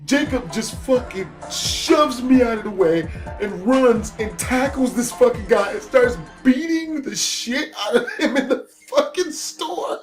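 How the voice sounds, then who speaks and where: A man telling a story in casual, profane storytime style, animated and laughing at his own tale. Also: very high voice, unhurried, soft background music. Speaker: YouTube storyteller.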